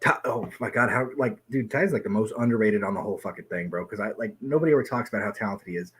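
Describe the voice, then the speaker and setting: A man talking quickly and loosely in a casual chat, a little drunk. He swears freely, jumps between topics and gets loud and excited in bursts, then turns self-deprecating. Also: on the low side, breathy edge. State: tipsy.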